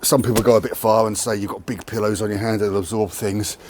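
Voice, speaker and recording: A man's voice: fairly low pitch, little pitch movement, fast, a little mellow, slight background noise. A man explaining martial arts training in a candid, matter-of-fact way while demonstrating outdoors. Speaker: martial arts channel host. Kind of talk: casual training demonstration to camera. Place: outdoors near a tree.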